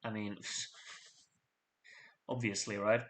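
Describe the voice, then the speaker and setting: A man's voice: on the low side, little pitch movement, drawn-out words. A man hosting a live fan vote, reading out points with chatty, jokey asides to his audience. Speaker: host reading out fan contest votes. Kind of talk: casual live voting commentary.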